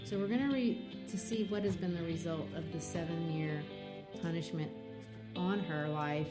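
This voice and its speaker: A woman's voice: lowish voice, normal speed, loud music behind the voice. A woman hosting a literature podcast, retelling a classic novel with enthusiasm. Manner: enthusiastic, retelling scenes with quotes. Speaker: podcast host and literature teacher.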